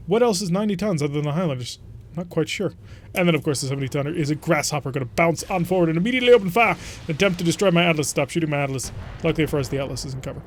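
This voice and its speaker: A man's voice: on the high side, a little hiss or hum. Chatty man narrating his gameplay. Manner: chatty, thinking aloud. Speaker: let's play host. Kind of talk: casual gameplay commentary.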